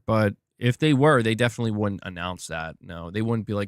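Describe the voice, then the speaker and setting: A man's voice: fairly low pitch, a little fast, hardly any pauses, clean tone, no echo, clean studio sound. A young man streaming about gaming news, chatting casually and reading viewer comments, rambling with lots of "like" and restarting sentences. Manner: rambling, many "like" fillers and restarts.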